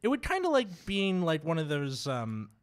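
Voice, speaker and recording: A man's voice: a little high, huge pitch swings, moderate pace. A male comedian guesting on a podcast, telling stories in a dry, rambling way. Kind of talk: casual chat.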